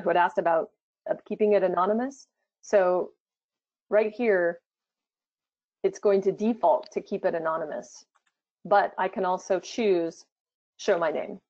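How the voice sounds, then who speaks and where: A woman's voice: darkish tone, dry recording. A woman presenting a live product demo, talking it through casually with fillers as she goes. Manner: chatty, thinking aloud with fillers. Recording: dull low-fidelity sound.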